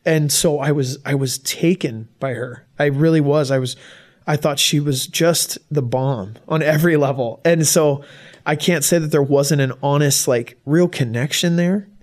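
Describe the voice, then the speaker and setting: A young adult man giving a personal testimony to an audience, halting and emotional, with many restarts. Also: on the high side. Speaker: guest speaker.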